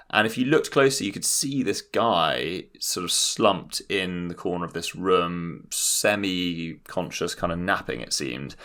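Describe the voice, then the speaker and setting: A man's voice: deep voice, fairly bright tone. A young British man from London co-hosting a comedy podcast, telling anecdotes in a wry, dry way. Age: young adult. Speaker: podcast co-host. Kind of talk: casual comedic storytelling.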